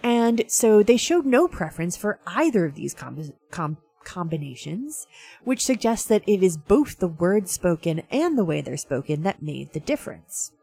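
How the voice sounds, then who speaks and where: A woman with a low, gravelly voice and a husky edge talks through a science story in a casual, chatty way. She fills her sentences with ums and asides like an enthusiastic science fan. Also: big pitch swings, normal speed, mellow, no echo. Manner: chatty, many fillers, self-described science dork. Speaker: host. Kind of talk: casual science news talk.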